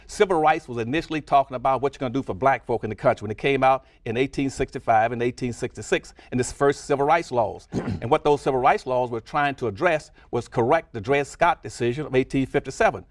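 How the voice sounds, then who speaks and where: A man giving a measured, explanatory talk about history. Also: medium pitch, no room sound, studio quality. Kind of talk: historical lecture.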